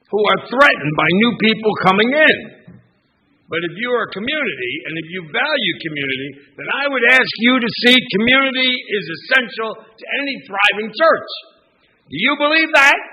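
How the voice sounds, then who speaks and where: A man's voice: sits high, sharp tone. An older man, a minister, preaching a chatty, rambling sermon in a church, with restarts and asides to the congregation. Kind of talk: conversational sermon. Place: church sanctuary. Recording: dull lo-fi sermon recording.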